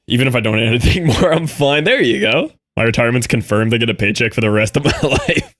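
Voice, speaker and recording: A man livestreaming and chatting with viewers, excitable and laughing often, with quick asides to chat. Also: mid-range voice. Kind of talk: live stream chatter reading chat.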